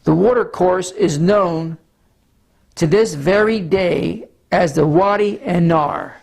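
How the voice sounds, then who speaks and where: A man with a scratchy, hoarse voice preaches in a measured teaching manner, now and then stumbling over words. His tone sits a little high and carries a gravelly, husky roughness. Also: darkish tone. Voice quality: scratchy, throat-clearing. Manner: measured Bible teaching with frequent small stumbles. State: hoarse from allergies. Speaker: pastor. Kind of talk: sermon teaching with a map.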